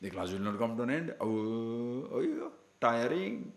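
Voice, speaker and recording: A man's voice: medium pitch, huge pitch swings, measured pace, vocal fry, reverberant. A man giving a scripture discourse to a class as a spiritual teacher, emphatic and full of rhetorical questions.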